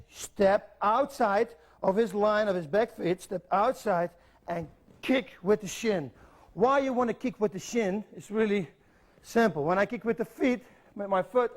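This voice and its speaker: Dutch-native man, fairly high voice, martial arts instructor, blunt repeated cues, counting steps. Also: darkish tone. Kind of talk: instructional video demonstration. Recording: instructional videotape.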